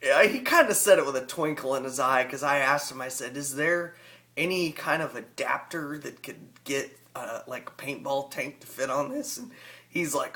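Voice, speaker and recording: A man's voice: medium pitch, moderate pace, sharp tone. A man with a rural Southern US accent, talking casually and rambling in a folksy way as a hobby vlogger. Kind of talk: casual vlog talk.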